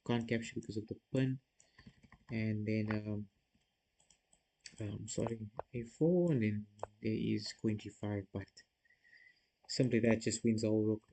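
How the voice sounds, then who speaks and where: A man's voice: lowish voice, measured pace, pauses often, mellow, slight background noise, low-quality recording. A man streaming chess, thinking aloud as he works through puzzle moves and talks casually to his viewers. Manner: self-critical, talks to viewers.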